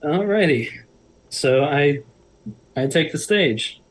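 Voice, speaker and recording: A man playing a tabletop game, speaking haltingly with repeated restarts, at times laying out rules in character. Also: on the high side, expressive, low-quality recording. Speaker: player.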